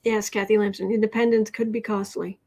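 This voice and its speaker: Fairly quick and mid-range, with little pitch movement, a tarot reader's voice carries her livestream as she chats casually and reads viewer comments aloud. Between readings, she softly coos to her pet cat.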